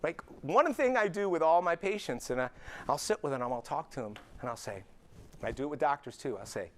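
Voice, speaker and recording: A man's voice: on the high side, brisk. A middle-aged man, a chiropractor giving an anecdote-filled talk to peers at an event, acting out dialogue as he goes. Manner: animated storyteller acting out dialogue.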